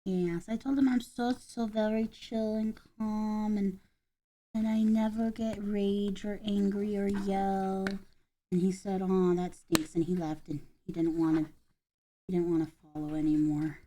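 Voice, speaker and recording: A woman chatting casually while assembling a craft kit, deadpan and ironic, claiming to be calm before bursts of swearing. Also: medium pitch, a little slow. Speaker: vlogger building a craft kit.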